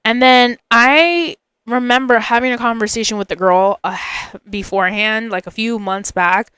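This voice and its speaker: A woman's voice: fairly high pitch, fairly even intonation, moderate pace, a bit bright, clear, resonant tone, no room sound. A young woman hosting a podcast, telling a personal story in a chatty, rambling way, full of fillers and asides. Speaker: podcast host.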